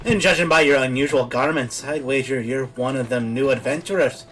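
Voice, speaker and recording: A man voicing a chatty old male traveling peddler with a put-on Irish accent and folksy, rough country grammar. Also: medium pitch, fairly quick, a bit bright, lightly acted.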